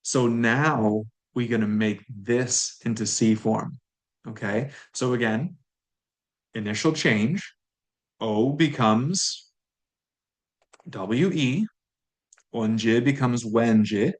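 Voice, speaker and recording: A medium-pitched man leads a prerecorded language class. Relaxed in tone, he breaks down grammar points and slowly says words more than once for his students.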